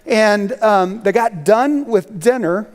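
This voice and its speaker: Casual high-voiced man preaching as guest speaker, chatty storytelling, long church reverb. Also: takes it slowly. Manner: conversational storytelling with many fillers. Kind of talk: sermon.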